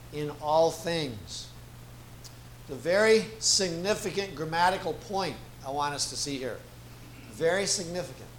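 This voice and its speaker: Guy preaching a sermon, high voice, slow and emphatic, echoey church room. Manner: slow, emphatic, repeats key phrases. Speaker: guest preacher. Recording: echoey room with faint ambient noise.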